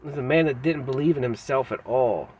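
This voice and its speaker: In a frank personal vlog, a man speaks haltingly and reflectively, pausing often and using fillers, while being blunt and hard on himself in casual slang. His medium-pitched voice is slightly mellow with a breathy edge.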